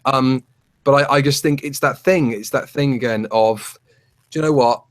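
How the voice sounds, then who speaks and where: A man co-hosting a casual chat show, telling rambling, animated stories with many restarts. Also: medium pitch, normal speed. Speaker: podcast co-host.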